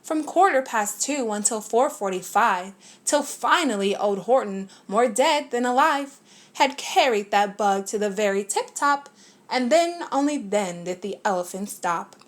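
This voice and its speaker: A woman reads a rhyming children's book aloud with a steady, lilting rhythm. Her voice sits a bit high for a woman and stays clear and friendly to follow. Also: measured pace. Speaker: storybook reader.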